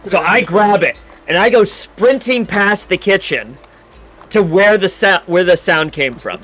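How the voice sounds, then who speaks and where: Guy with a high voice playing a tabletop game, rambles a bit, faint music. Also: lively intonation, measured pace, fairly bright tone. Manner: rambling, self-correcting. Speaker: player.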